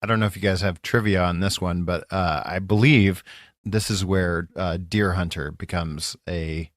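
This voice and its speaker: Deep voiced guy on a movie podcast, lots of uhs, dry sound. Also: no echo. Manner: halting, filler-heavy. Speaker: podcast co-host. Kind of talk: casual movie review chat.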